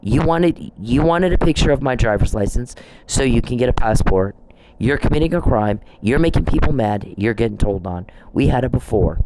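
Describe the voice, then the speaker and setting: A man's voice: mid-range voice, lively intonation, moderate pace, background noise. A man hosting a solo podcast, delivering an emphatic, repetitive and accusatory rant. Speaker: podcast host.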